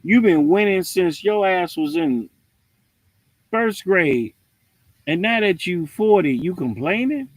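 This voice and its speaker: A man's voice: high-pitched, slow, no room sound. A man hosting a livestream, giving a casual, preachy rant with jokes. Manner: animated, preachy, joking. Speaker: livestream host.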